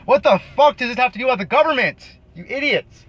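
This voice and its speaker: A man's voice: extremely high pitch, lively intonation, fairly quick, fairly bright tone, highs cut off. A young man in an angry rant to camera, profane and scornful, repeating himself, recorded outdoors. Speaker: vlogger. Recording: noisy outdoor recording near traffic.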